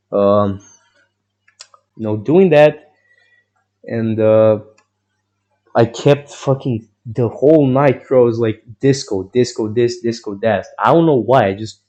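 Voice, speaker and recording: Low, dark-voiced young man rambling. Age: young adult. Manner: rambling, profane, full of fillers and restarts. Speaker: vlogger. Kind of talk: rambling personal storytelling.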